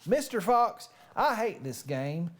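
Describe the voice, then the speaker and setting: A woman's voice: mid-range voice, sing-song, slow, slight background noise. A woman reading a whiny Southern complainer. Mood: complaining. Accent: put-on Southern US. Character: flustered, complaining man fed up with tongue twisters.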